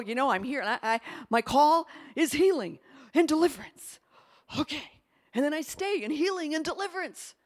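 A woman preaches a sermon with an emphatic, expressive delivery that swings between loud and hushed, and her voice sits high.

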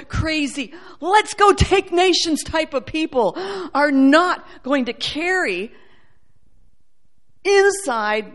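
A woman preaching a sermon, animated, acting out quoted voices and swinging between loud, ringing passages and soft, low ones.

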